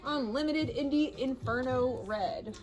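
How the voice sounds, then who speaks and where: A young woman from Ohio with a high, bright voice reads new-release blurbs in an upbeat, easygoing way. Faint music sits underneath her. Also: measured pace, lo-fi sound. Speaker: record store co-host. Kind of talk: casual new-release rundown.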